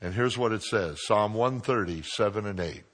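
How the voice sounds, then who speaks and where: A man preaching a sermon, joking with his congregation and swinging from quiet asides to loud exclamations. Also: fairly low pitch, moderate pace.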